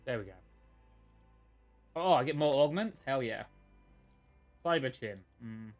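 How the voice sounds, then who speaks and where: The recording is muffled, with faint music underneath a man's medium-pitched, expressive, unhurried voice as he streams a video game. Chatty and profane, he thinks aloud through casual gameplay commentary, reacting freely and sometimes reading in-game text.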